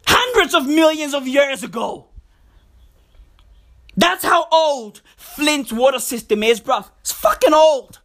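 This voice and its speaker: South African woman, high voice, slow deliberate pacing, profane energetic comic ranter, repeats lines. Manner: hyper-energetic, slangy, profane, repeats phrases. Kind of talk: comedic rant monologue.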